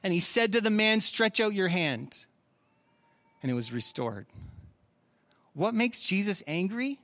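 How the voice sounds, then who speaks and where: A middle-aged pastor with a high, fairly bright voice preaches a sermon to his church. He poses one question after another to the congregation, earnest and searching.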